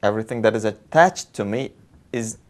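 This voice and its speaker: A man's voice: fairly low pitch, a little fast, a little mellow. A man co-hosting a discussion, chiming in with brief, playful and teasing remarks. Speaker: co-host. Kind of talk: conversational discussion.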